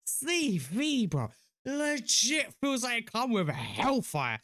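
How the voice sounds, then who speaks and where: A young British man hosting a reaction video, talking in excited casual commentary full of slang and cheers. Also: very high voice, slow pace, no echo, clean studio sound. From United Kingdom.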